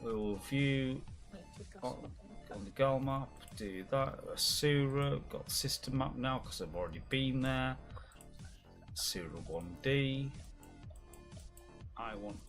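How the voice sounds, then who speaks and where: A man's voice: medium pitch, slow, pauses often, fairly bright tone, soft background music. A man hosting a live game stream, chatting casually with friends, joking and rambling with frequent laughs. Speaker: streamer host. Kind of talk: casual chat while gaming.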